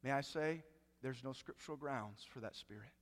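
A man preaching a sermon to his church, swinging between raised, emphatic lines and hushed, quiet ones. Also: mid-range voice, moderate pace. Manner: preaching with rising emphasis and dramatic hushed drops. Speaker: pastor. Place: church sanctuary. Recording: long reverb of a church hall.

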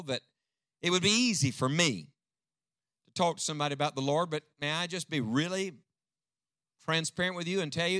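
An older man preaches with a rousing, dynamic delivery and keeps calling on the congregation to answer him. His voice sits high and bright. The sound is dry and close. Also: no room sound. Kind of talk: sermon. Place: church before a live congregation.

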